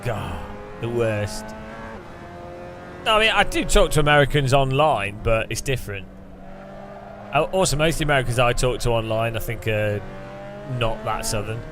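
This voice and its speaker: A man with an English accent chatting casually to his stream while racing, rambling, with quick outbursts at other drivers. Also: medium pitch, expressive, noisy background. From England. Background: music.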